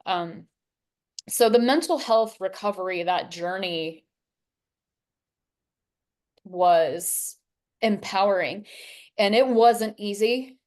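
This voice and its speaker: A woman in her forties giving an earnest, emotional personal testimony as an interview guest, unhurried, with long pauses. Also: mid-range voice, a little mellow. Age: 40s.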